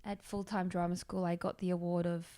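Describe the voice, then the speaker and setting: A woman's voice: lowish voice, level tone, a little fast, mellow. A young woman hosting a podcast, chatting expressively and acting out quotes with whispered asides. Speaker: podcast host. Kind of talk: casual podcast conversation.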